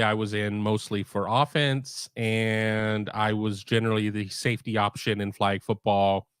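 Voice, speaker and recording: A man's voice: lowish voice, fairly bright tone, smooth, dry recording. Rambling middle-aged man, dry mic. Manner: rambling, with many restarts. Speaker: sports podcast host. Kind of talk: casual live-stream chat. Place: home room.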